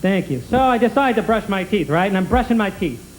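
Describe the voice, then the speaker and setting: A man's voice: high-pitched, animated, a little fast, heavy background noise. A man doing a stand-up comedy routine in a sketch, with brash wisecracking patter that needles the audience. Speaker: stand-up comic character.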